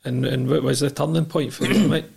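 A man hosts a casual podcast interview in a gravelly, husky voice. He is matey and sweary and keeps asking probing questions. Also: mid-range voice, steady tone, a little fast, darkish tone. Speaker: podcast host.

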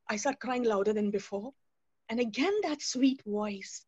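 A woman's voice: fairly high pitch, normal speed, darkish tone, husky, no room sound. A woman giving a personal faith testimony, telling her story and acting out the dialogue as she goes. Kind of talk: spoken testimony to a youth webinar.

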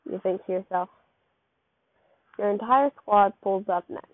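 A woman's voice: medium pitch, measured pace, pauses often, no room sound. A woman casually reading a second-person fan fiction story aloud, with a loose, rambling delivery full of slips and restarts. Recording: tinny, phone-like dry recording.

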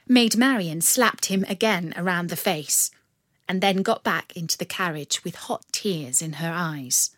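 A woman reading a storybook aloud in a measured, expressive way. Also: fairly low pitch, no echo, clean studio sound. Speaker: narrator. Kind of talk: storybook narration.

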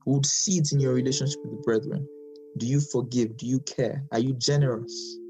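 A man's voice: medium pitch, fairly even intonation, brisk, warm tone, faint music behind, poor audio. A man teaching a Bible study in an emphatic way, often repeating phrases for stress.

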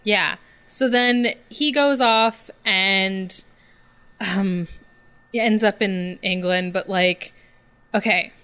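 Slow-talking woman with smooth voice. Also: mid-range voice, pushed and bright. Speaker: podcast co-host. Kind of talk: casual movie review chat.

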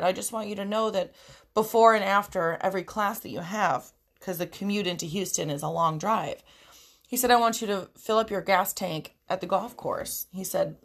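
Tearful young woman, emotional vlog. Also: mid-range voice. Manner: tearful, emotional, swears freely. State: crying. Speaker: vlogger.

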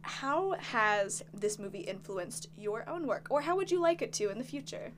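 A young woman hosting a casual podcast chat, bubbly and quick to laugh. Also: on the high side, very animated, a little hiss or hum. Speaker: podcast host.

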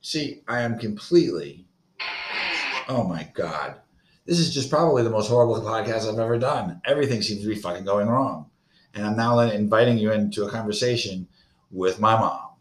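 A man's voice: on the low side, moderate pace, echoey room, a little hiss or hum. A man in his thirties from Florida, hosting a solo podcast in a profane, rambling, agitated rant. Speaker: podcast host.

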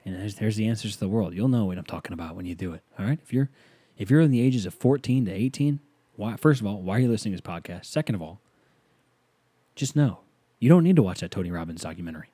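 Rambling man with a mellow voice. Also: on the low side, lively intonation, fast talker, breathy edge, no room sound. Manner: rambling, self-mocking jokes. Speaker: podcast host. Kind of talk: casual solo monologue.

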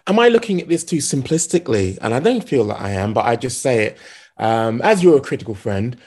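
A man hosting a podcast in casual conversation, speaking in a measured, thoughtful way. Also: medium pitch, sing-song, darkish tone, husky. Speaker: podcast host.

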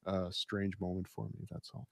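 A man's voice: sits low, little pitch movement, normal speed, vocal fry, darkish tone, no echo, clean studio sound. A man co-hosting a casual comedy podcast, trading wry banter and reading listener posts aloud. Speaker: podcast co-host.

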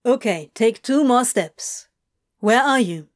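Lady doing a pushy guy talking his partner into stuff, quick coaxing lines, lots of ups and downs. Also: a little high, lively intonation. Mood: teasing. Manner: hasty, coaxing.

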